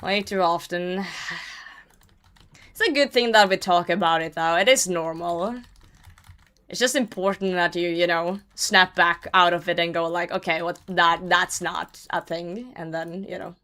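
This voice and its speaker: A woman's voice: fairly low pitch, a little slow, sharp tone. A young woman streamer chatting casually while she plays, swearing and laughing often. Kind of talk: casual chat while gaming.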